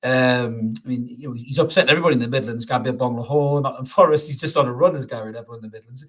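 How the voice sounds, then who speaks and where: Sweary, laughing football podcaster. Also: male voice, medium pitch, rapid-fire, few pauses, fairly bright tone. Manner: chatty and sweary, laughs often, many restarts. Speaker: podcast host. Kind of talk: casual football podcast chat. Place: home studio, podcast.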